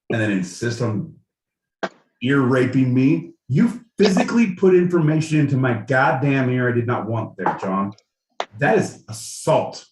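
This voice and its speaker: Podcast guy doing a profane mock-angry rant, lively pitch, roomy echo and a little hiss. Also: recorded from a distance. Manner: profane, ranting, mock-outraged. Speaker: podcast co-host. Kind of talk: casual podcast chat. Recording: echoey room with faint noise.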